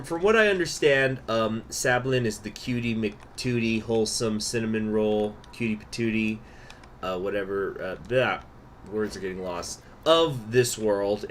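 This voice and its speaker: A man's voice: lowish voice, a little hiss or hum. A man casually commentating his strategy game on a live stream, chatting with viewers as he goes. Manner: chatty, answers chat, many fillers.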